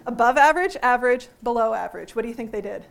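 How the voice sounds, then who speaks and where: A woman teaching a workshop to a live audience, lively and joking, often putting questions to the room. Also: a little high, very fast, creaky. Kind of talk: interactive workshop talk.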